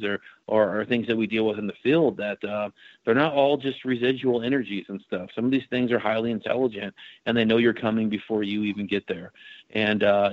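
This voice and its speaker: In a laid-back interview, a man who investigates the paranormal recounts his experiences in a lowish voice, often restarting and padding his speech with fillers. The audio has no echo and sounds dry and somewhat muffled.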